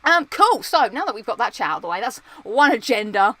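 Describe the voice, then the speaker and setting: Young woman, casual streamer chat, slightly high voice, rambling, self-mocking, lots of fillers. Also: big pitch swings, fairly quick, bright, forceful tone. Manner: rambling, chatty, many fillers and restarts. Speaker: streamer chatting with viewers.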